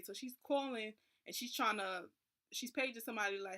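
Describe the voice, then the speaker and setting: A woman's voice: medium pitch, a little fast, a bit bright. A young woman vlogger tells a personal story casually. She sounds nervous and keeps saying "like.".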